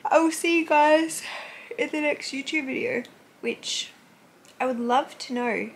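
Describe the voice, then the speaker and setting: A woman's voice: high voice, a little slow. A young Australian woman chatting candidly to camera in a casual vlog, swearing now and then. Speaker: vlogger.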